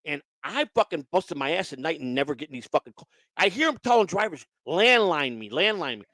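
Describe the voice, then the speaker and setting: A man rambles through a loose, profane chat, tripping over his own restarts. His voice sits a bit high and swings up and down a lot. The sound is dry and close. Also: sing-song, quick pace, fairly bright tone, no echo. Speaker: show host. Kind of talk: casual chat.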